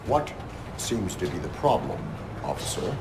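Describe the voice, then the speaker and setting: A stiff, formal cyborg police officer with a very low, flat, machine-like delivery. He sounds clipped and measured. Steady background noise runs under the game audio. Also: full character voice. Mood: stern. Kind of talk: video game voice acting.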